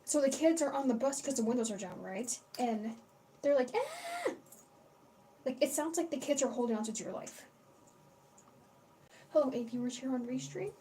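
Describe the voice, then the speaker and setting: Rambling, high-pitched young woman streamer. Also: a little fast, warm tone. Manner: rambling, chatty, swears freely, greets chat. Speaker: livestream host. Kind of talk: casual livestream chat. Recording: distant mic with faint background noise.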